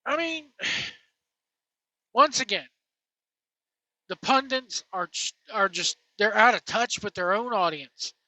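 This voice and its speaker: Host on a rant: bright, forceful voice, blunt and scornful, trading insults. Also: medium pitch, lively intonation, slow pace, long pauses, no room sound, poor audio. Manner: blunt, scornful, name-calling. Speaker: wrestling commentary host. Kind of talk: opinionated rant.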